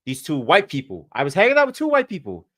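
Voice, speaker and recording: A man's voice: on the high side, wildly swooping pitch, fast talker, fairly bright tone. A man telling a long, rambling story on a casual podcast, full of swearing and fillers. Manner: profane, rambling, many fillers. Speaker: podcast guest.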